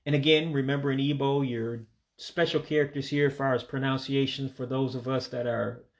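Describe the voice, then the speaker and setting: A man who speaks English as his first language gives a casual vocabulary lesson, repeating each word slowly and pronouncing it carefully. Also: mid-range voice, fairly even intonation, vocal fry. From United States. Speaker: language learner teaching vocabulary.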